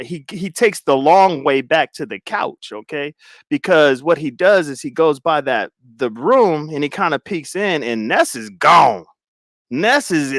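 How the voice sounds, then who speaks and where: Young male streamer, lively swooping voice, dry close sound, casual storyteller. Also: fairly high pitch, no echo. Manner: animated, repeats words, bursts of loud laughter.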